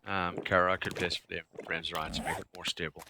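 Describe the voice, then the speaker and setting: A man's voice: deep voice, flat delivery, quick pace, pushed and bright, slight background noise. A young man streaming a survival game live, chatting casually, swearing now and then, grumbling at the game and answering his chat. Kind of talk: live gameplay commentary.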